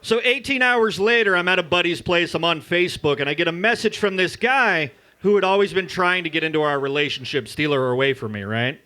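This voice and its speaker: Loud, bright-voiced stand-up comic. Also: male voice, high-pitched, brisk, hardly any pauses. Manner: crude, loud, jokey storytelling. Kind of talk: stand-up comedy set. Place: open mic stage at a bar.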